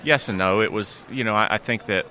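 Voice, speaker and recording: A man's voice: on the low side, a little fast, pushed and bright. Laid-back man with a Southern drawl. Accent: North Carolina drawl. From New Jersey. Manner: laid-back, easygoing, laughs often. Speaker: interview guest. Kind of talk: casual chat.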